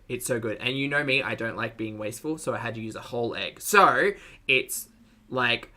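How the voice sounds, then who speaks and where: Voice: medium pitch, sharp tone. An Australian commentator reacting to a video with wry, teasing asides and casual musings.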